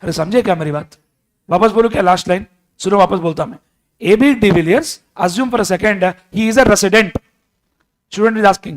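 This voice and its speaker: A man with an Indian English accent gives a classroom tax lecture at a rapid clip. His voice sits high for a man, and he keeps his students on their toes with questions and repeated points.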